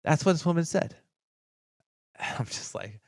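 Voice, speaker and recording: A man's voice: slow pace, gravelly, no echo, whispered, studio quality. A man co-hosting a podcast, telling a story in casual, profane chat and acting out the people he quotes. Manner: animated, profane, acts out quoted lines with big pitch jumps. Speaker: podcast co-host.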